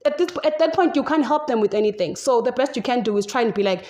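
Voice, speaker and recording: A woman's voice: on the high side, quick pace, darkish tone, muffled recording. A young adult woman with a South African accent, hosting a solo podcast and talking unscripted in a rambling, chatty way. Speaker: podcast host. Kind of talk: casual solo podcast monologue.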